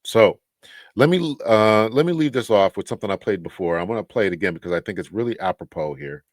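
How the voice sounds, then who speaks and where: A man's voice: fairly low pitch, lively intonation, fast, no room sound. A man hosting a commentary video, talking earnestly and urging viewers, with frequent restarts. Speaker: host. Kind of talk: casual commentary.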